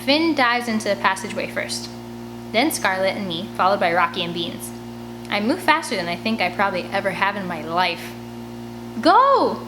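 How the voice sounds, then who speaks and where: Brief: woman, expressive read-aloud of a kids' novel, home recording with a steady hum underneath. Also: mid-range voice, a little fast. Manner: expressive storytelling, chatty asides. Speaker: audiobook reader. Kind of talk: reading a children's chapter book aloud. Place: home room by a large window.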